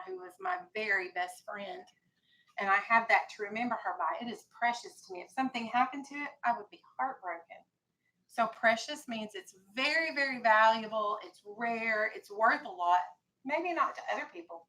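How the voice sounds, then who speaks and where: A woman's voice: fairly high pitch, bright, forceful tone, rough recording. A woman teaching a classroom vocabulary lesson, firm and explanatory, stressing key words.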